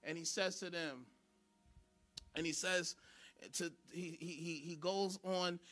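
A man preaching a sermon in church, animated and shouting for emphasis. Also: high-pitched, slow, soft background music. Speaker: pastor.

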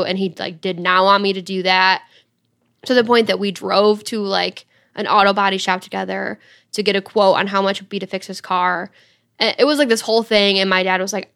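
A woman's voice: medium pitch, level tone, fairly bright tone. A young woman telling a story in a casual, chatty way, with lots of "like". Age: young adult. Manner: chatty, fast, full of "like". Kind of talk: casual chat.

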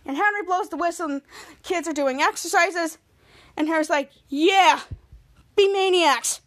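Woman podcaster doing a loose tv recap, high voice, keeps restarting and acting out lines. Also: normal speed, a bit bright. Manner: rambling retelling with many restarts, acting out lines. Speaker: podcast host. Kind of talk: casual episode recap.

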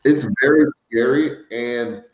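A man co-hosting a casual car podcast, talking excitedly. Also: mid-range voice, slow pace. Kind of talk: casual chat. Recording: dull, echoey room sound.

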